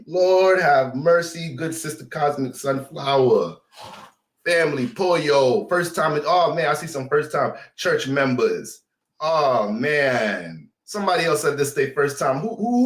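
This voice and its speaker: A man's voice: mid-range voice, a bit bright, reverberant. A man hosting a livestream as a playful mock church sermon, swearing casually, laughing often and greeting viewers by name like a preacher.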